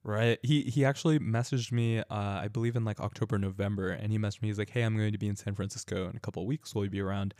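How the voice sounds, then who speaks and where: Young Californian man, casual storyteller, lowish voice, dry close mic. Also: quick pace, hardly any pauses, no echo. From California, United States. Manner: relaxed, chatty, frequent fillers and laughter.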